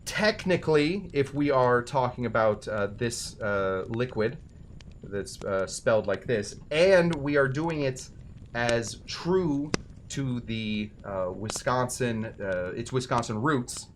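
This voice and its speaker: A man's voice: medium pitch, lively intonation, takes it slowly, slight background noise. A man hosting a cocktail show, talking casually with rambling, self-deprecating jokes and asides. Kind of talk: casual comedic how-to talk.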